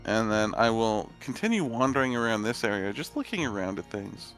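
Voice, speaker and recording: Man player, gravelly and lively, swears often, quick excited reactions. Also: fairly low pitch, over music. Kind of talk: casual tabletop play.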